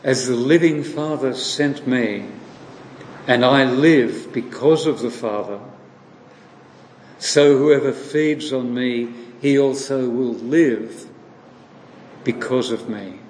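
Male preacher, mid-pitched, slow deliberate sermon delivery, recorded in a reverberant hall. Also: darkish tone. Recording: echoey hall with long reverb, faint noise.

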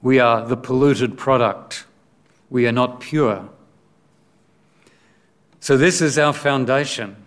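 Slow, deliberate male preacher. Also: mid-range voice. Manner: slow, deliberate, with rhetorical questions. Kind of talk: sermon.

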